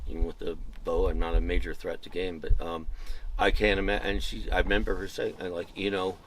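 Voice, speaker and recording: Man, very low voice, rambling anecdotes, wry self-mocking humor, oral history interview, faint background hiss. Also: little pitch movement, brisk, poor audio. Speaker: former fire lookout, interviewee. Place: at a mountain fire lookout.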